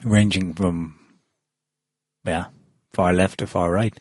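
Low husky guy hosting a chatty panel show, lots of ums, dry sound. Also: fairly even intonation, slow pace, darkish tone, no room sound. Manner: chatty, many ums and restarts. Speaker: podcast host. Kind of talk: casual panel discussion.

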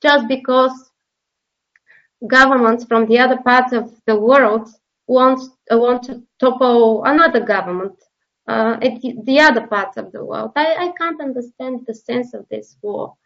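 Slow, halting woman journalist. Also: fairly high pitch, dull audio. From Bulgaria. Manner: halting, many fillers and repeated words. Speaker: journalist, interview guest. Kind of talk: emotional interview testimony.

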